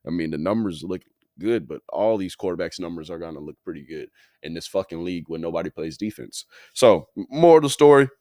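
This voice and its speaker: A man with a low voice hosts a laid-back sports podcast, sounding a little tired as he rambles in a slangy, profane way. He is recorded dry and close on the mic. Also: brisk, warm tone, dry recording. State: tired, yawning. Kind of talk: casual sports talk.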